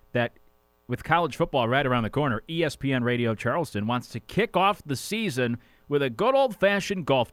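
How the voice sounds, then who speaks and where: A man's voice: mid-range voice, a bit bright, no echo. A man with a Connecticut accent hosting sports radio in a studio, rambling casually and running his words together.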